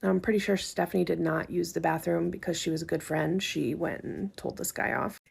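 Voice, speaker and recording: A woman's voice: fairly low pitch, steady tone, a little fast, creaky, husky. A woman casually telling a personal story in a wry, conversational way. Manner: wry, conversational, acts out quotes.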